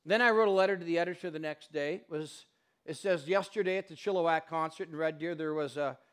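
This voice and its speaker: A man's voice: fairly high pitch, fast, smooth. Impassioned man giving a lecture. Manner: impassioned, animated storyteller who acts out quotes. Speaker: public lecturer. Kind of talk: public lecture storytelling. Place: university lecture hall.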